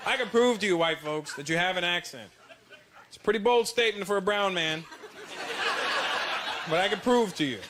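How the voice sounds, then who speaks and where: A man from Canada doing a stand-up comedy routine on a stage, animated and switching into mimicked accents. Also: sits high, a little fast. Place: large theater stage with audience laughter. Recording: loud background noise.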